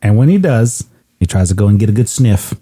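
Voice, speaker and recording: Relaxed man with a lively voice. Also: on the low side, a little fast, husky. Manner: retells the plot at length, loose and joking. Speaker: podcast co-host. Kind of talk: casual movie recap chat.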